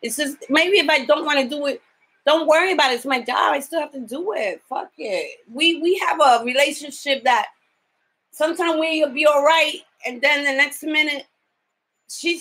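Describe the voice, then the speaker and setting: A woman's voice: sits high, moderate pace, fairly bright tone, poor audio. Blunt, tired woman venting on camera. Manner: blunt, swears freely while venting. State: tired from lack of sleep. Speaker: home caregiver. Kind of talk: casual video diary.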